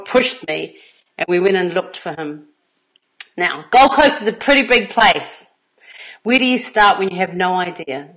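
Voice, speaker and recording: A woman's voice: fairly low pitch, rough recording. A middle-aged woman, an intimacy coach telling stories in a casual livestream, earnest and rambling, with plenty of fillers and laughs between her thoughts.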